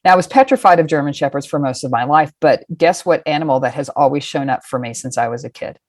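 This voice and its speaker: A woman's voice: low-pitched, animated, fast talker, no room sound. A woman in her fifties, a guest, telling stories in a frank, rambling and salty way. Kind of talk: casual storytelling.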